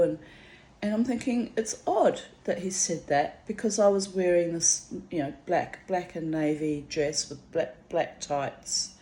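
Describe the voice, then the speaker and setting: An older woman telling a rambling personal story to camera, acting out what people said in lively voices. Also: fairly low pitch. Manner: chatty, rambling, quotes others in lively voices. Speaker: vlogger. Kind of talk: casual storytelling.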